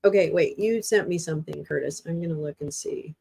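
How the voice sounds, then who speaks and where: A woman's voice: deep voice, fast talker, creaky, hardly any pauses, warm tone, breathy edge. A woman hosting a livestream in casual chat, thinking aloud as she tries out gadgets at her desk. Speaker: livestream host. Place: at her desk, home streaming setup.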